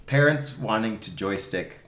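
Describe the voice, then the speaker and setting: A man who coaches youth soccer, telling stories in a casual podcast chat with emphatic, animated delivery. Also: fairly low pitch, a little slow, slight background noise. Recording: roomy echo.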